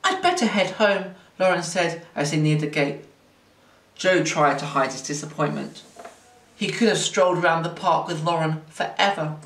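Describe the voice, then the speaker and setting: A man reading a children's chapter book aloud in an expressive, playful way, like a teacher at story time. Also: on the high side, moderate pace. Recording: roomy, distant mic, faint hiss.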